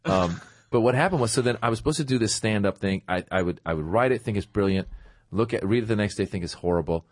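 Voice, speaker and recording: A middle-aged man, a comedian, telling a casual anecdote as a guest and acting out his own past thoughts in lively quotes. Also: on the low side, fast, no room sound, studio quality.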